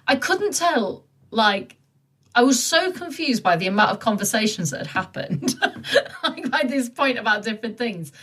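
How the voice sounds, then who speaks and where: A woman co-hosting a casual podcast chat, talking in an animated way with lots of quick asides. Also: a little high. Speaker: podcast co-host.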